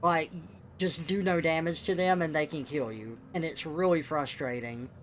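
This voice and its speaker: A man's voice: on the high side, normal speed, a little hiss or hum. A young man on a live stream, ranting bluntly and with exasperation, swearing now and then. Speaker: livestreamer. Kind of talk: casual live-stream rant.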